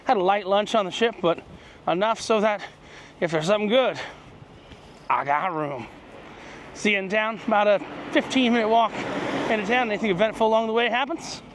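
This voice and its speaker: A man's voice: sits high, a bit bright. A man hosting a travel vlog, giving rambling, jokey walking-tour commentary outdoors on a cruise ship and in a small town. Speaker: travel vlogger and host. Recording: noisy outdoor recording with passing vehicles.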